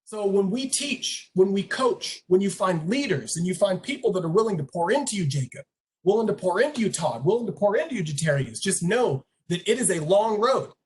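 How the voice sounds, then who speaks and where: A speaker at a career meetup giving an animated motivational talk and retelling a story with acted voices. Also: medium pitch, a little fast.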